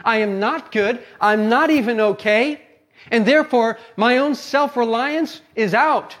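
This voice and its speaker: A man with a notably high-pitched voice delivers a sermon. His manner is earnest but conversational, and he often pauses to check in with listeners. He sounds like a pastor addressing his church. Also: fairly bright tone. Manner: earnest, conversational preaching with frequent "right?" and "okay?".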